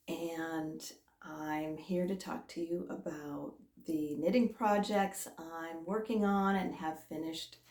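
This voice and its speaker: A woman hosting a knitting vlog, talking casually and hesitantly with many pauses and fillers. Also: fairly low pitch, reverberant. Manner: hesitant, many "um"s, warm and chatty. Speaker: knitting podcast host. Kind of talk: casual chat to camera.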